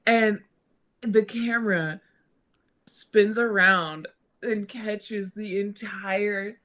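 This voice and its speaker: A woman co-host talks about a horror film at a slow, easy pace. Her manner is enthusiastic and casual, and she lingers over the scenes she loves. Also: medium pitch, fairly even intonation, a bit bright. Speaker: podcast co-host.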